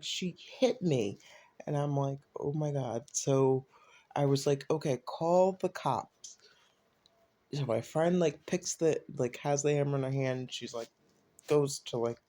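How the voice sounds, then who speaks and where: A man casually telling a personal story, raising his voice when quoting others. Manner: animated retelling, voices quotes with rising pitch. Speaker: storyteller recounting a personal event.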